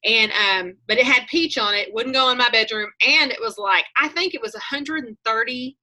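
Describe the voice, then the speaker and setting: A woman's voice: a little high, normal speed, pushed and bright. A woman, talking on a video call, telling chatty stories and acting out her own thoughts as she coaches a group.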